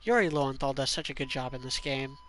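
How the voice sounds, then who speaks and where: A man's voice: mid-range voice, quick pace, fairly bright tone. A man streaming a game, chatting casually and reading viewer questions. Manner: chatty, opinionated, filler-heavy. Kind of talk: casual live-stream commentary.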